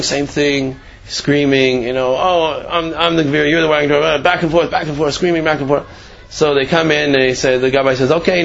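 A man's voice: a little high, creaky, highs cut off. A man teaching a Torah class in a conversational way, telling a story and acting out its characters. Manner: conversational, acts out voices in the story with laughs.

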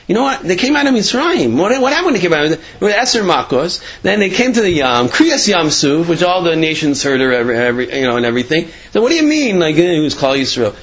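A man's voice: a little high, very animated, fast talker, few pauses, fairly bright tone, breathy edge. A man giving a casual Torah talk, telling stories and asking rhetorical questions with many fillers. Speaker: Torah teacher. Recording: dull lo-fi sound.

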